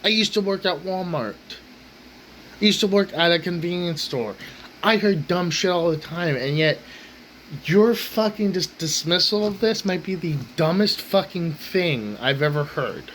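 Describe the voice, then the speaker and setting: A man's voice: high-pitched, lively intonation, measured pace, fairly bright tone, a little hiss or hum, low-quality recording. A man hosting his own rant channel, talking bluntly and swearing constantly in an angry rant.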